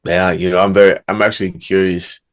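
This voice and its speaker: A man's voice: low-pitched, little pitch movement, fairly quick. A man, an author and negotiation coach, being interviewed on a podcast. He answers thoughtfully and murmurs "hmm" before he speaks.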